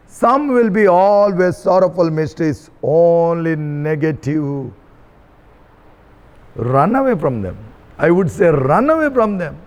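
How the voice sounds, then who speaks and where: High-voiced priest preaching in an echoing hall. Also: male voice, lively intonation, slow pace, darkish tone. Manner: earnest, repeats key phrases for emphasis. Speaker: Catholic priest. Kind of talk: sermon. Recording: reverberant hall.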